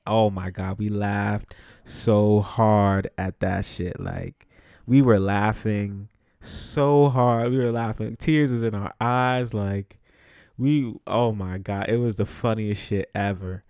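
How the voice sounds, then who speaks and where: A man's voice: lowish voice, steady tone, slow pace, vocal fry, a little mellow, dry recording, clean studio sound. Laid-back young man from the Bronx. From the Bronx, New York. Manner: laughs often, profane and loose. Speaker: podcast host. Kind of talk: casual storytelling monologue.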